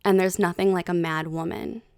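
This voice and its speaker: A woman in her thirties hosting a podcast, chatting casually in an animated, heated way with plenty of swearing. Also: on the low side, normal speed, gravelly, clear, resonant tone, no room sound, studio quality. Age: 30s. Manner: animated, profane, heated storytelling. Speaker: podcast host. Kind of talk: casual chat.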